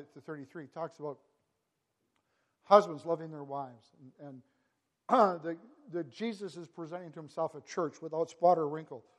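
A man with a high voice delivers a sermon to his congregation. He talks in bursts, repeats words and stacks phrases into rising, emphatic climaxes. His voice rings out with a long reverb, as in a large church sanctuary. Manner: impassioned, builds to emphatic peaks with frequent word repeats. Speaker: preacher.

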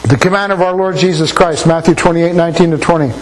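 A man's voice: fairly high pitch, steady tone, fast, rough recording. An older man preaching a sermon in a folksy, anecdotal way, often repeating words as he thinks. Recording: faint mains hum.

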